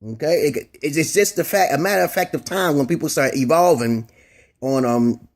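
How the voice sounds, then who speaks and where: A man's voice: a little high, normal speed. A man vlogging a rambling opinion monologue, often stopping to ask "okay?" and restarting his words, with casual swearing.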